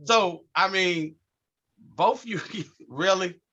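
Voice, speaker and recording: A man's voice: high voice, drawn-out words, bright, forceful tone. A man hosting a casual podcast chat, talking expressively and swearing casually. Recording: dull lo-fi sound.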